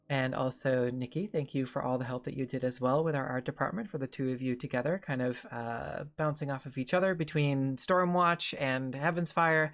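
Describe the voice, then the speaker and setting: A woman hosting a tabletop game stream, upbeat and quick to laugh as she introduces the players. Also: extremely low pitch. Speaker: game master and stream host.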